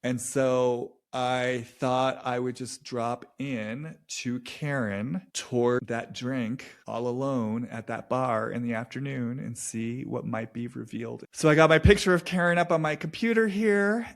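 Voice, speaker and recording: A man giving a spoken intuitive reading, talking slowly and hesitantly with frequent restarts and soft laughs. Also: mid-range voice, vocal fry. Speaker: intuitive reader.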